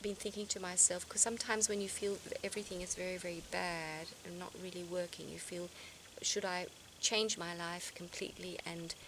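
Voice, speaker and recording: A woman speaks to camera in a personal vlog, reflective, earnest and searching, repeatedly restarting her sentences. Her fairly low, steady voice moves fairly quickly with hardly any pauses, and outdoor noise is audible.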